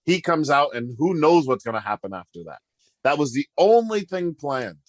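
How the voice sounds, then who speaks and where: A man guest on a podcast, telling a story in a casual, animated way, acting out quotes and laughing as he goes. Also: on the high side, moderate pace, dry recording.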